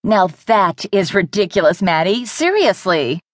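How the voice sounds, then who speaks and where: A woman's voice: medium pitch, big pitch swings, unhurried, no echo, studio quality. A woman narrator voicing a young woman, a blunt, patronizing best friend, in an audiobook. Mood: dismissive. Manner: dismissive, patronizing. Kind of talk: audiobook character voice.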